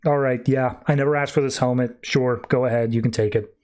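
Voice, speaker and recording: A man's voice: mid-range voice, steady tone, brisk, darkish tone, natural voice. A man voicing an anxious, overwhelmed young male hero, flustered and stammering.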